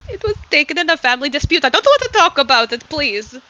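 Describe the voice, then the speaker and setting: A woman voicing an excitable, flustered peasant woman who is bad with numbers, talking in a nervous, pleading way. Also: high-pitched, fast, lo-fi sound, pitched above the performer's own voice, full character voice. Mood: evasive.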